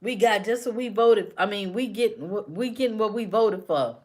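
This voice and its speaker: A woman's voice: mid-range voice, normal speed, a little mellow. A woman hosting a casual live stream, talking back to her chat commenters by name with teasing, repetitive banter.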